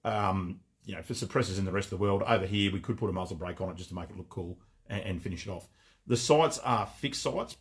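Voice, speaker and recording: Husky excitable man. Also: lowish voice. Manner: excitable, rambling, swears freely. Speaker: gun shop owner and livestream host. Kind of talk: casual live product showcase. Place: gun shop.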